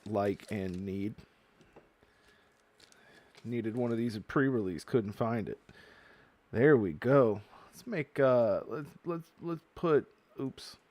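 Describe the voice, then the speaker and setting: A man hosting a casual card-opening video, chatting as he goes and reading card text aloud. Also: medium pitch. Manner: chatty, reads card text aloud, gets loudly excited at good pulls. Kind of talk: casual unboxing commentary.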